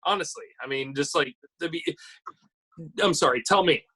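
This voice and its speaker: Podcast host guy, bright husky voice, jokey, throws questions at guests. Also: a little high, moderate pace. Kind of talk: casual podcast chat.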